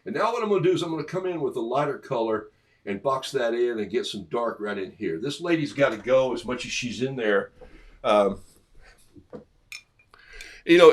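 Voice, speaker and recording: A man's voice: fairly low pitch, fairly bright tone. A middle-aged man painting live for viewers, talking casually through each stroke, amused by his own jokes, with a cough today. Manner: chatty, self-amused, talks through each brushstroke. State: has a cough. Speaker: artist painting on a livestream.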